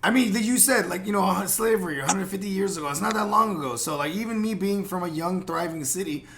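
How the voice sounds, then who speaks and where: A man's voice: high voice, quick pace, vocal fry, a crowd in the background. A man from San Jose hosting a casual podcast chat, talking in a rambling, profane, heated way with many fillers and restarts. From San Jose, California. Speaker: podcast host.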